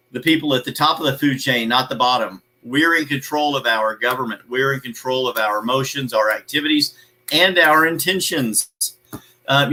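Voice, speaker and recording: A man's voice: mid-range voice, pushed and bright, rough recording. A man hosting a live motivational show, talking emphatically in a preachy way, repeating his key phrases and greeting viewers by name.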